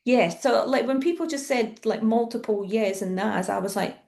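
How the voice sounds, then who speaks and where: A woman's voice: fairly high pitch, normal speed, creaky, darkish tone. A woman from Scotland with a Scottish accent, a guest in a casual podcast chat, asking questions and laughing easily.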